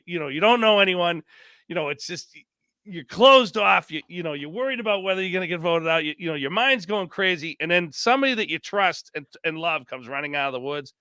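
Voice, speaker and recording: A man in a casual podcast chat whose voice sits high and swings widely in pitch. He talks in an animated, rambling way, restarting sentences and leaning on "you know". The sound is dry, with no room around it. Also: no echo. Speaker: podcast guest, former reality show contestant.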